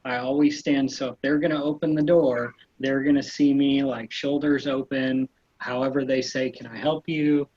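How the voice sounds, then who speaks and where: Agent type, husky man, rambling casual chat, a bit dull and dry sound. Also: medium pitch, little pitch movement, moderate pace, a little mellow, no echo. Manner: rambling, loose, full of fillers and restarts. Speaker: real estate agent. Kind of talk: casual panel chat giving sales tips.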